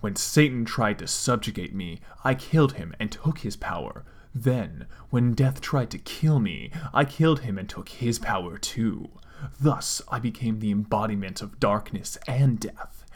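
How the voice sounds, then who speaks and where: A man's voice: lowish voice, lively intonation, unhurried. A man reading as a solemn death spirit. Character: brooding all-powerful male death spirit.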